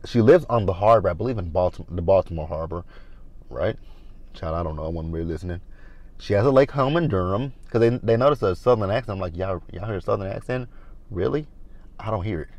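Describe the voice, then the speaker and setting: A man from the South talks through a reality TV episode in a casual, gossipy way. He is blunt and shady, and he slips into quoted voices of the cast. His voice sits on the low side, and the recording is close and dry with no room sound. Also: darkish tone, no echo. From American South. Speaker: reality TV recap vlogger.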